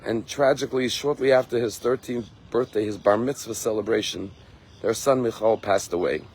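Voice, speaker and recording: Earnest rabbi preaching a sermon. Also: male voice, on the low side, a little mellow, breathy edge. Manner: earnest, slows and rises for emphasis. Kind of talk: sermon with storytelling.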